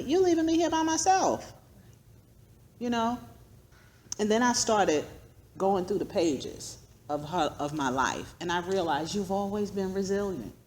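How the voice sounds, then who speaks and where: A middle-aged woman giving an earnest personal testimony to a women's group, preacherly and quick to laugh. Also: low voice, darkish tone, slight background noise. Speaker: guest speaker.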